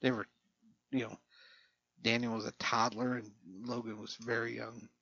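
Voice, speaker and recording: A middle-aged man rambles through a casual monologue in a gravelly, husky voice, swearing freely and chuckling as he goes. His tone has a sharp, tense edge. The recording sounds dull and lo-fi. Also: mid-range voice, little pitch movement, normal speed.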